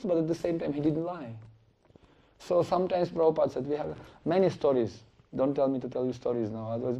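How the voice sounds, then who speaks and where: A middle-aged man giving a spiritual lecture, telling stories in an animated way and acting out the quotes, on a dull lo-fi recording. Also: a little high, creaky. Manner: animated storytelling with acted-out quotes. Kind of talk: sermon storytelling.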